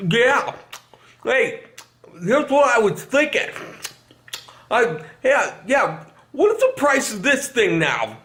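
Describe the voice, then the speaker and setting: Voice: medium pitch, big pitch swings, takes it slowly, pauses often, fairly bright tone, voice pushed up. A man voicing a rude caller who eats and rambles distractedly on the phone. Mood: careless.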